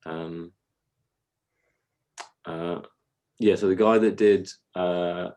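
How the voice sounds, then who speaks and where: A podcast co-host with a deep, steady, slightly mellow voice speaks very slowly in casual chat. He rambles, laughs while telling stories, and slips into silly voices.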